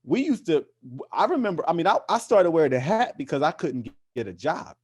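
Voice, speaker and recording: A man's voice: on the high side, sing-song, a little fast, a little mellow, slightly rough. Passionate man with many restarts. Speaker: interview guest, activist. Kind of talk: casual conversational interview.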